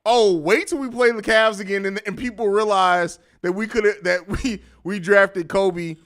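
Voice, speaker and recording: A man's voice: high voice, steady tone, normal speed, fairly bright tone. An American man hosting a casual post-game live stream, profane and slangy, who laughs a lot as he talks.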